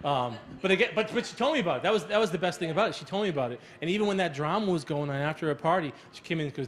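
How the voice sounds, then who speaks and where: Fast-talking middle-aged male counselor. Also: on the high side, lively intonation, a bit bright. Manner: rambling, repeats words, informal reassuring. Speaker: school adjustment counselor. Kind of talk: casual panel discussion.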